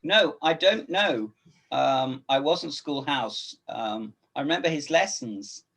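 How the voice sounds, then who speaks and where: A man's voice: mid-range voice, lively intonation, slow pace, creaky, fairly bright tone. A middle-aged man talking as a guest, wry and bookish, with old-fashioned turns of phrase. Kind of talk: casual chat.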